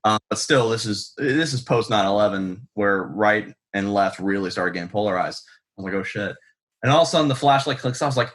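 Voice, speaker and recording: A man's voice: on the low side, a little fast, fairly bright tone. A man, a guest author telling stories in a rambling, profane, self-deprecating way full of ums. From United States. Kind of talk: casual storytelling in an interview.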